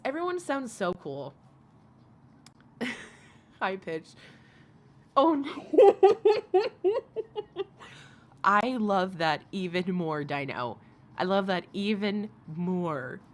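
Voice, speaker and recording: A woman's voice: on the low side, a little hiss or hum. A woman streamer in casual livestream chat, bubbly and giggly, gushing over her viewers. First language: English.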